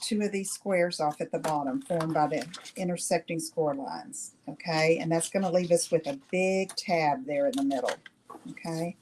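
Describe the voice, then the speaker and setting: A woman's voice: deep voice, moderate pace, a little mellow, a little hiss or hum. A middle-aged woman hosting a live craft demonstration, chatting with viewers and checking in with "okay?" after each step. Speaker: craft tutorial host.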